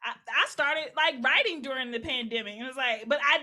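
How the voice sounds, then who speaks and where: A woman's voice: high-pitched, brisk, sharp tone. A woman hosting an interview show, talking in an encouraging, reflective way with frequent affirmations to her guest. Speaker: podcast host. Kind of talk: supportive interview chat.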